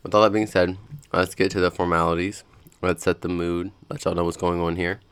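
A man's voice: low voice, flat delivery, brisk, a bit bright, clear, resonant tone, no room sound. A young man hosting his own podcast, rambling and cursing in a frustrated, casual chat from his room at home. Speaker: podcast host.

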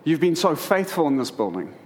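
A man's voice: a little high, sing-song, brisk. A middle-aged man preaching to a congregation, telling humorous stories about family life. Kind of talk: sermon.

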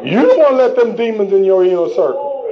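A man's voice: high voice, expressive, fast, crowd noise. A man preaching a sermon in a fervent, colloquial way, full of rhetorical questions to his listeners. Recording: dull lo-fi recording.

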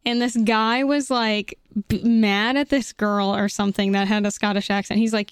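A young woman hosts a loose podcast chat, teasing her friends and swearing casually. Her voice sits a little high, and the sound is dry and close with no room around it. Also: normal speed, hardly any pauses, clear, resonant tone, dry recording. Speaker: podcast host.

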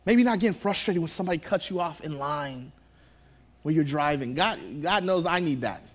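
Animated high-voiced male pastor preaching. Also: normal speed. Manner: animated, swings from hushed to loud and excited, laughs at himself. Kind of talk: sermon. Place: church.

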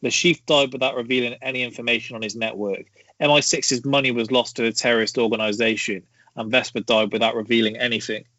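A man reading out trivia in a casual podcast chat, with a measured delivery and hesitant fillers. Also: medium pitch, steady tone, pushed and bright, no room sound. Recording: dry, dull lo-fi sound.

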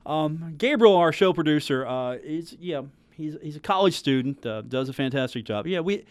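A man hosting live sports radio from a studio mic. His voice sits a little high for a man. He rambles and jokes through plenty of restarts, and the booth sound is tight and dry. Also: expressive, normal speed, dry recording. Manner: rambling, joking, lots of restarts. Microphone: studio microphone.

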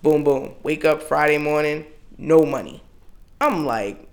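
A man in his thirties with a slightly high voice tells a long story among friends. He is loose and profane, and he leaps up in pitch whenever he acts out what he said. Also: fairly quick, vocal fry. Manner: animated, profane, jumps into exclaimed quotes. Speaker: podcast co-host. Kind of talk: casual storytelling chat.

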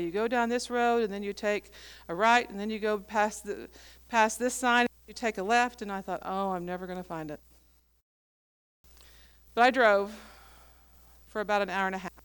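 A woman's voice: a little high, fairly bright tone, clean tone. Woman pastor telling a sermon story. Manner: storytelling, acting out quoted dialogue.

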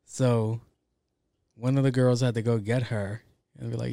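A man's voice: mid-range voice, measured pace, vocal fry, long pauses, dry recording, clean studio sound. A young man telling a story from work in a casual, profane, slangy way, acting out what people said. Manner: profane, slangy, animated with acted quotes.

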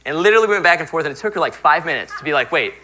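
A man's voice: a little high, lively intonation, very fast, pushed and bright, low-quality recording. A man, likely a young adult pastor, giving a conversational sermon and acting out little quoted exchanges. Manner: conversational, acts out quoted voices.

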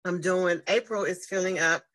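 A woman, telling her story casually in conversation, lively and acting out what people said. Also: normal speed, poor audio. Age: 50s. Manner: animated, acts out quoted exchanges with big swings in pitch. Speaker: guest speaker and advocate.

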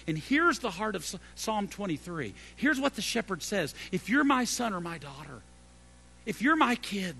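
Preaching a sermon, a middle-aged male pastor swings from loud, emphatic peaks to hushed, low phrases. He repeats key phrases for emphasis, and his voice has vocal fry.

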